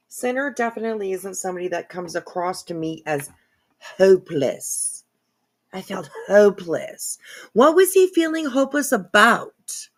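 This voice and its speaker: A woman's voice: mid-range voice, big pitch swings, normal speed. A woman hosting a commentary channel, reacting to clips in casual, profane, incredulous talk. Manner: incredulous, profane, talks to her cat and viewers.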